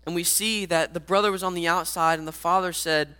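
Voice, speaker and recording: A man's voice: high-pitched, steady tone, a little fast, pushed and bright, smooth. A man preaching a sermon earnestly, speaking directly to his listeners as guys.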